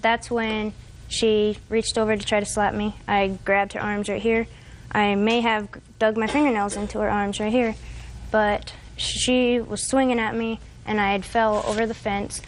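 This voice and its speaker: A woman's voice: medium pitch, level tone, moderate pace, a little hiss or hum. A woman in her twenties testifying as a defendant in a TV courtroom, telling a long, hesitant, rambling account. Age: 20s.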